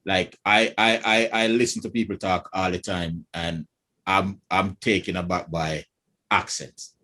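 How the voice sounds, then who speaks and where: A man's voice: deep voice, fairly even intonation, a little slow, bright, forceful tone. A Jamaican man co-hosting a casual panel chat, talking with emphatic conviction. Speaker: co-host.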